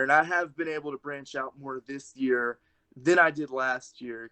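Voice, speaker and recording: A man's voice: medium pitch, bright, forceful tone. A young man, a wrestler guest, chatting casually on a podcast and telling a rambling story full of "like"s.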